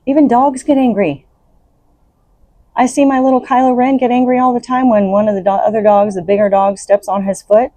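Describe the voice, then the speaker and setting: This podcast host, a woman, talks unscripted about spiritual self-help, coaching earnestly and laughing between thoughts. She has a medium-pitched, mellow voice and a brisk pace, recorded with no room sound.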